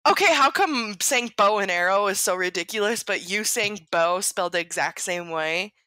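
Bright-voiced teasing woman co-host. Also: medium pitch, animated, no room sound. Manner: joking, teasing, quick banter with profanity. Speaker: podcast co-host. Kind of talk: casual chat.

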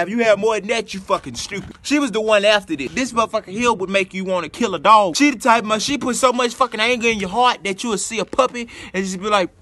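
A young man telling a profane comedic breakup story as a vlogger, loud and animated. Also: high voice. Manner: loud, animated, cursing, mock voices.

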